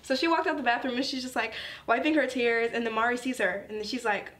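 Brief: chatty woman doing an anime review, slangy and animated, slightly high voice. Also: fast talker. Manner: animated, slangy, laughing asides. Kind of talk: casual review chat.

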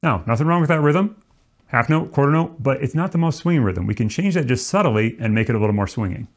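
A man teaching trombone, explaining swing feel in a relaxed, demonstrative way. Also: mid-range voice, fast talker. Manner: relaxed, demonstrative, counts off and sings rhythm syllables. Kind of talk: music lesson.

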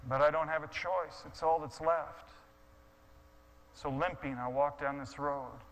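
A man telling a dramatic sermon story, swinging from hushed, quiet passages to impassioned shouting. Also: on the high side, fairly even intonation, unhurried, a little hiss or hum, low-quality recording. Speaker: guest speaker.

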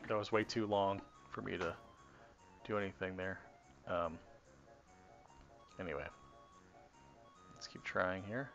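A man with a lowish, bright, forceful voice rambles to himself as he tests game combos on a live stream, trailing off and restarting his thoughts. The audio is dull and lo-fi, with faint game music underneath. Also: fairly even intonation, a little slow, creaky, pauses often. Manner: rambling, self-correcting, talks to himself while testing. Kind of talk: casual live-stream commentary while playing.

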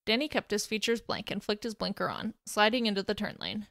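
A woman narrating a fan fiction story aloud in a steady storytelling way. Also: medium pitch, brisk, vocal fry, hardly any pauses, no echo, studio quality.

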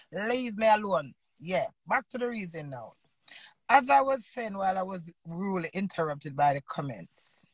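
A Jamaican woman in her fifties, an entertainer and host, ranting loudly in an unscripted live video and swearing freely. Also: mid-range voice, gravelly, dry recording. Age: 50s. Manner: loud, combative, swearing freely.

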